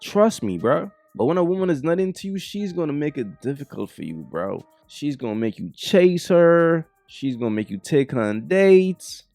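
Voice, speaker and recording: A man's voice: on the high side, sing-song, moderate pace, hardly any pauses, warm tone, no room sound, faint music behind. A man reacting to video clips, preaching bluntly to the fellas. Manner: preachy, addresses the fellas directly. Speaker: reaction commentator. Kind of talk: commentary on clips.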